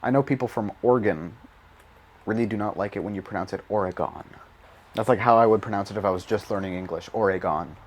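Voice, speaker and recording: A man's voice: fairly low pitch, quick pace. Rambling, profane young man. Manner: rambling, profane, self-mocking, laughs often. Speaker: gaming YouTuber. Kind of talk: casual gameplay commentary.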